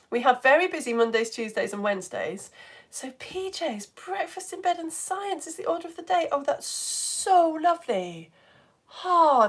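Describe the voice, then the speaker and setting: A woman, an online science teacher chatting casually and warmly reading out viewer comments during a live stream. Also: fairly high pitch. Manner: chatty and effusive, reads comments aloud.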